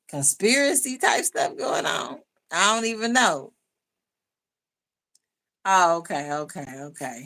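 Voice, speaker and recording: A woman with a mid-range, sharp-toned voice hosts a casual YouTube livestream. She chats loosely with her viewers, laughs often, and reads their comments aloud.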